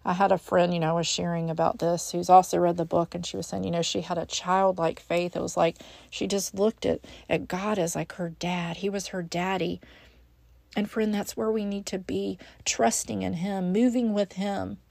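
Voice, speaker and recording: A woman's voice: lowish voice, little pitch movement, normal speed, gravelly, a little mellow, dry recording. A woman hosting a devotional podcast, speaking earnestly and encouragingly to the listener as a friend. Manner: frequent restarts and fillers. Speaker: podcast host.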